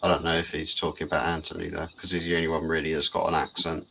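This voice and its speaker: A man with a strikingly deep yet very bright, sharp voice throws in quick remarks during a football chat. A faint hiss sits behind him. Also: little pitch movement, gravelly.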